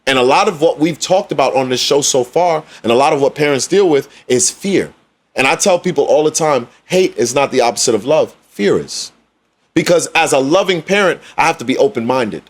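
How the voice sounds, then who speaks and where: A man co-hosting a podcast speaks in a slightly high, expressive voice at a fairly quick pace. In casual, conversational discussion he's emphatic and preachy, repeating lines and phrases for impact.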